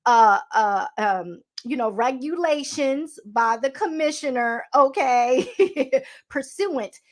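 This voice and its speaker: Baltimore woman host, fairly high voice, chatty and sassy, reads legal text and trips on words. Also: animated, slow. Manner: chatty and sassy, calls listeners honey, stumbles over words. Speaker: podcast host. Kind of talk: casual commentary, reading a law aloud.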